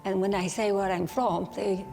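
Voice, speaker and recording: A woman in her fifties from England whose speech has a foreign-sounding accent like Polish or Russian, speaking slowly and with effort, grammar sometimes broken, as she tells her own story. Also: medium pitch, little pitch movement, gravelly, a little mellow, long reverb tail, faint music behind. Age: 50s. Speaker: interviewee. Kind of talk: personal testimony.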